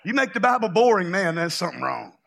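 A man from Louisiana, preaching a loud, exuberant charismatic sermon full of folksy stories and shouted praise. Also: high voice, big pitch swings, fast talker, gravelly.

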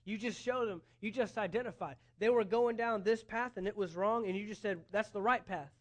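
A man with a high-pitched voice preaches a sermon. He speaks earnestly, building emphasis as he goes, and acts out imagined dialogue to make his points. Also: fairly quick. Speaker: pastor.

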